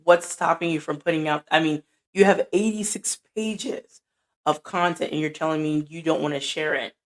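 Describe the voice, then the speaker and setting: A middle-aged woman with a deep, soothing, grounded voice, giving a casual motivational talk and acting out both sides of conversations. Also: fairly even intonation, moderate pace. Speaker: podcaster. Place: indoor room at night.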